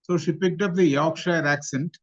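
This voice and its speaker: Indian man giving a measured lecture, lo-fi. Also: on the high side, fairly even intonation. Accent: Indian English. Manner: measured, recaps and repeats points. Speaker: lecturer on theosophy. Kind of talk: study-class talk. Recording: dull lo-fi recording.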